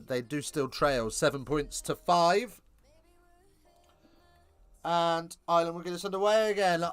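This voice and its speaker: A man calling a live rugby game, chatty and self-correcting, lifting into excited bursts on big plays. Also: fairly high pitch, clean tone, no room sound. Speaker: rugby commentator. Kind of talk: live alternative play-by-play commentary.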